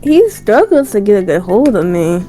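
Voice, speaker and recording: A woman's voice: mid-range voice, big pitch swings, moderate pace, warm tone, faint music behind. A woman streamer reading a story game aloud, stumbling over words with laughing asides. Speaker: gameplay streamer.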